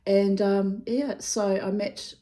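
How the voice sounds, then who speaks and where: A woman's voice: medium pitch, fairly even intonation, takes it slowly, dark tone. A woman doing her daily readings, talking in a rambling, digressive way, swearing freely and laughing often. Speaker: reader giving daily readings. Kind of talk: rambling casual monologue.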